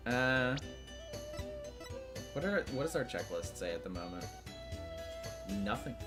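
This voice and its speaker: A man's voice: mid-range voice, big pitch swings. A man voicing an exasperated young defense lawyer in a plain, natural voice, with game music behind. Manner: exasperated, quick retorts.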